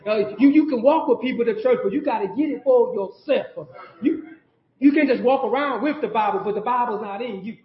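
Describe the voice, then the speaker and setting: A man, stacking emphatic repeated phrases and calling out to the congregation. The sound is dull and lo-fi, with the boomy echo of a church sanctuary. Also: a little fast. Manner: preaching with call-and-response asides to the congregation. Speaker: pastor. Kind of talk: sermon.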